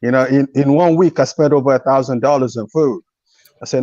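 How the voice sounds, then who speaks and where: A man, a doctor calling in from his office, chatting with exclamations and many pauses. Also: medium pitch, warm tone, no echo. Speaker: caller, medical doctor. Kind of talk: casual call-in commentary. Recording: dull lo-fi call audio.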